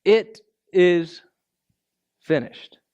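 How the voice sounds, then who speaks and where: A man's voice: high-pitched, lively intonation, extremely slow, darkish tone, clear, resonant tone, dull audio. A male pastor preaching a sermon in a conversational way, peppering his points with rhetorical asides.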